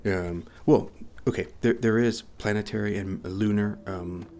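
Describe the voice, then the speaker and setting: A man's voice: on the low side, fairly even intonation, measured pace, darkish tone, slight background noise. Rambling, sleep-deprived man talking games. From United States. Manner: rambling, repeats words, says okay a lot. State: short on sleep. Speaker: gaming YouTuber. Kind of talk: casual rambling video chat.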